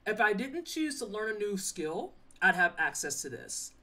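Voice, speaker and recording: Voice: mid-range voice, sing-song, normal speed, pushed and bright. A young adult streamer playing a game live, joking along and teasing the chat in a loose, chatty way. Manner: playful, chatty, teases chat. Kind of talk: casual live-stream commentary. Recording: slightly distant mic, faint game music.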